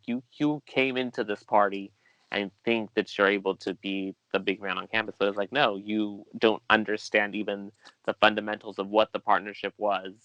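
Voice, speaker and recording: A man's voice: on the low side, sharp tone, smooth, dry recording. A man speaking as a guest in a casual podcast chat, earnest and a little rambling. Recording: dull lo-fi sound.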